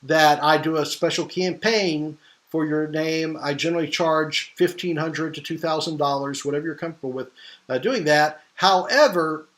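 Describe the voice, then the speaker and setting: A man's voice: on the high side, normal speed, a bit bright. Emphatic man teaching marketing online. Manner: emphatic, questioning the audience, many restarts. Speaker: marketing trainer. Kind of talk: live online marketing class.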